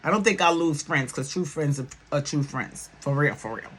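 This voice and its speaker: A middle-aged woman talks straight to her viewers in a casual vlog. She is loud and blunt and swears freely. Grief over a loss shows at times in her voice. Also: low voice, normal speed, a little hiss or hum. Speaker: YouTube reality-TV commentator.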